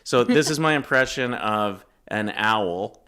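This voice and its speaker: A man's voice: fairly low pitch, expressive, unhurried, bright, forceful tone. A middle-aged man co-hosting a casual studio chat, joking and teasing his partners. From Canada. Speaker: co-host.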